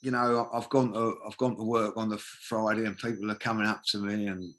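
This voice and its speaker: A man's voice: fairly low pitch, little pitch movement, brisk, fairly bright tone. A man, a podcast guest telling a long anecdote in a casual, rambling way, full of fillers like "you know what I mean". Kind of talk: casual storytelling.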